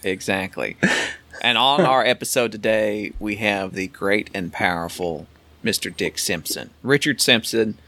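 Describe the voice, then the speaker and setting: A man's voice: lowish voice, unhurried, pushed and bright. A man hosting a podcast, opening with mock-grand, joking introductions. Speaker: podcast host. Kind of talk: casual chat.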